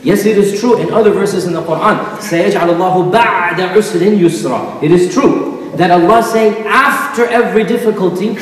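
A man's voice: high voice, brisk. A man giving a sermon as imam, emphatic and repetitive, now and then reciting Arabic verses. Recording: echoey mosque hall.

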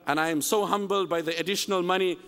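A man with a high voice preaches a sermon, telling a story and acting out the speakers' lines with lively energy. His voice rings with a long reverb, as in a large hall. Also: quick pace, clean tone. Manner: animated, acts out dialogue in the story.

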